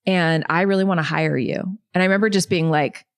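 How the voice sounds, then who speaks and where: A woman in her thirties, a podcast guest, telling her life story in a lively, chatty way full of asides. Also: lowish voice, no echo, studio quality. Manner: animated, quick storytelling with many likes and you knows. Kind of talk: storytelling in an interview.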